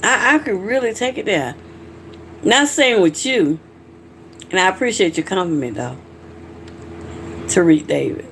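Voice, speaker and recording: A middle-aged Southern woman from Georgia, USA, casually hosts a livestream, talking candidly and reacting to viewers' comments. Her mid-range voice is expressive, fairly bright and unhurried, with frequent pauses and slight background noise.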